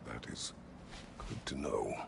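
An actor playing a terse, stern warrior god in a video game, speaking in short grim phrases. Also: male voice, slow, lightly acted. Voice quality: gravelly, terse. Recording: noisy game audio.

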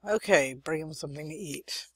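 A woman's voice: sits low, moderate pace, slightly rough. A young woman hosting a let's-play, chatting and thinking aloud as she plays, with muttered asides. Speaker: gaming channel host. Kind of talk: let's-play game commentary.

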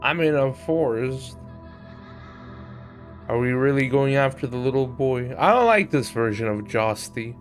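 A man's voice: mid-range voice, lively intonation, measured pace, faint music behind. A young man streaming a video game, chatting casually with profane jokes and frequent laughter. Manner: profane, joking, laughs often. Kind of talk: casual live gameplay commentary.

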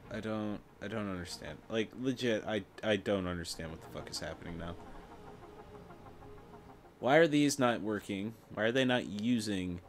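A young man casually commenting on his gameplay, muttering, swearing in frustration, his voice cracking. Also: lowish voice. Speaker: gameplay streamer.

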